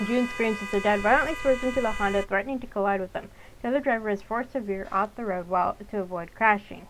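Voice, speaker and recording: Lady reading a visual novel out loud, chatty asides, bit of hiss. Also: medium pitch, steady tone, fairly quick, poor audio. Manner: casual asides while narrating. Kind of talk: let's-play reading and commentary.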